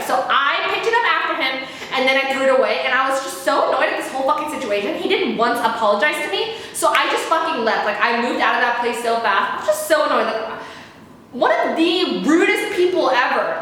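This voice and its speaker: High bright young woman ranting fast. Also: animated. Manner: fast, frantic, repetitive, swearing. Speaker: vlogger. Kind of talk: casual storytime rant. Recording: very echoey room.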